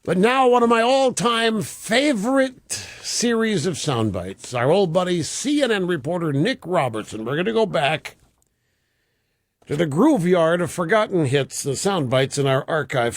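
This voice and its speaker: A man's voice: high voice, dry recording, clean studio sound. A man hosting a talk radio show, mocking news clips with sarcasm and mimicry. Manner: sarcastic, mimics stammering speech.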